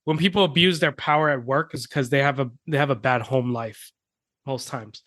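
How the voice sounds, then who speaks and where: Man chiming in with quick agreement. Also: mid-range voice, a bit bright, dry recording, studio quality. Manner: short agreeing backchannels. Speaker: podcast co-host. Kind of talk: casual chat.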